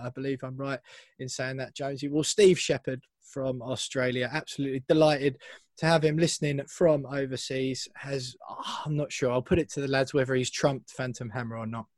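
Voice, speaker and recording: A man's voice: medium pitch, steady tone, normal speed, a little mellow, no room sound. A man hosting a football fan podcast, chatty and playful, reading listener messages aloud. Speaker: podcast host. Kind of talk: casual podcast chat.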